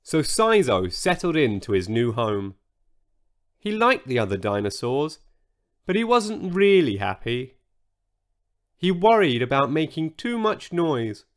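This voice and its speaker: A man reading a children's bedtime story aloud in a slow, expressive storyteller manner. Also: medium pitch. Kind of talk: scripted children's story narration.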